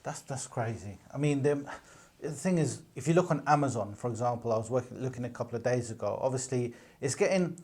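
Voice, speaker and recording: A man's voice: medium pitch, brisk, a little mellow, slightly rough. Co-host, casual chat, questioning and tentative, restarts his sentences a lot. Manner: thoughtful, questioning, hesitant with restarts. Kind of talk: casual discussion.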